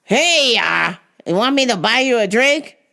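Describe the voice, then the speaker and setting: A woman's voice: fairly high pitch, animated, a little slow, vocal fry, bright, forceful tone, heavily acted. A woman voicing a huge, pushy male biker hitting on someone in a club. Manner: brash, casual flirting.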